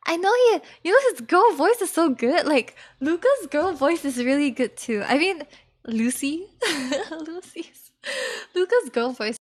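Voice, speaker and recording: A woman's voice: sits high, expressive, measured pace. A young woman streamer chatting casually with viewers between karaoke songs, giggly and rambling.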